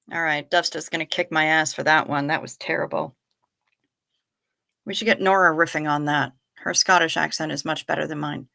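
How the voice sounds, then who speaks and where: A woman's voice: sits low, steady tone, normal speed, creaky, pushed and bright. A middle-aged woman hosting a livestream, chatting casually with dry, sardonic asides as she reads out viewer comments. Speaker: livestream host reading chat. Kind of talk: casual chat.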